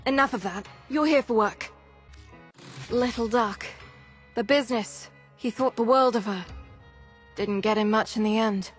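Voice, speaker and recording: An actress playing a gruff, seasoned woman who leads a workers' union in a video game; she talks in blunt, clipped, weary lines. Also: fairly high pitch, a little slow, long pauses, faint music behind, close to an everyday voice. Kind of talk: video game character dialogue.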